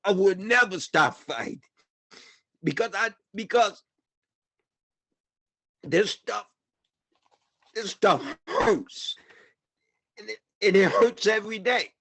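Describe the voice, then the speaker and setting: A man's voice: high voice, slow pace, pauses often, a bit bright. A man giving an impassioned personal testimony at a panel, repeating himself and often saying "man". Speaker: panel speaker.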